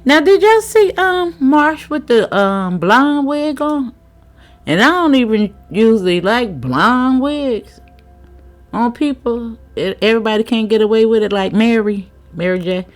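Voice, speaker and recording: A woman's voice: a little high, expressive, a little slow, soft background music. A woman giving a casual, frank tarot reading commentary, chatting, swearing freely and laughing often. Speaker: tarot reader.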